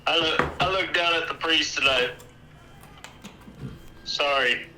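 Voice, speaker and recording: A man playing a tabletop game, calmly tallying his dice rolls and damage. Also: a little high, slow, over music, poor audio. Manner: matter-of-fact, tallies dice rolls. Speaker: player. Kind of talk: casual tabletop game chat.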